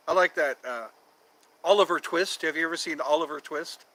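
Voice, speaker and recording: A man's voice: a little high, a little fast, sharp tone, no room sound, rough recording. A man hosting a casual livestream, chatting with viewers in a playful, jokey, teasing way. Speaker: livestream host.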